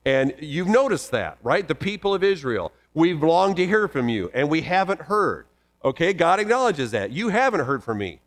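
A man preaching a sermon, reading scripture passages aloud and commenting on them with animated emphasis. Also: high-pitched, a little slow. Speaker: pastor.

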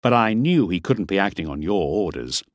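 Brief: male narrator doing a nervous hired guide, deferential but indignant, lowish and lively. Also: moderate pace, dry recording. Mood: respectful indignation. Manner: respectful, indignant, a bit defensive.

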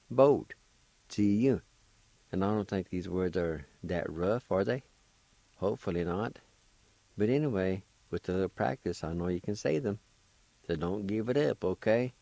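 Slow, deep-voiced man spelling out words. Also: mellow, no echo. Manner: encouraging. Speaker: language teacher and radio host. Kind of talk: radio language lesson.

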